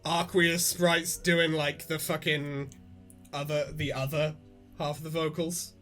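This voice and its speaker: An excitable, sweary man hosting a casual podcast and reading aloud. His voice is bright and fairly high, and it keeps tumbling into restarts. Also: unhurried, soft background music. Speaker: podcast host and reader.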